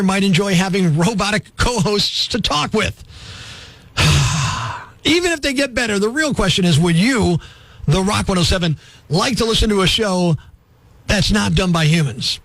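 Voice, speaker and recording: Male radio host, high voice, dry close studio sound, sarcastic self-mocking jokes. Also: expressive, moderate pace, a bit bright, no room sound. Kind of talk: morning radio comedy monologue. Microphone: studio mic.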